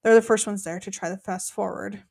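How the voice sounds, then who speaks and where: A woman's voice: mid-range voice, a little fast, vocal fry. Young woman, podcast co-host, casual chatty recap, acts out quotes. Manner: chatty, animated retelling with quoted voices and laughs.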